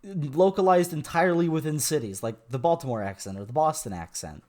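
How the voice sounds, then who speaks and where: Young American male co-host, relaxed podcast chat, frequent laughter. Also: on the high side, a little fast. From northern United States. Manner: laughs often, easygoing. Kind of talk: casual chat.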